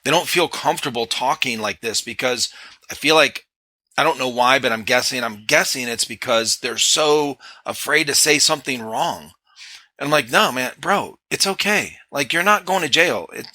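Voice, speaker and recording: Bright, blunt male podcast host. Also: medium pitch, normal speed, dry recording. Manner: blunt, profane, laid-back. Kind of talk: casual chat.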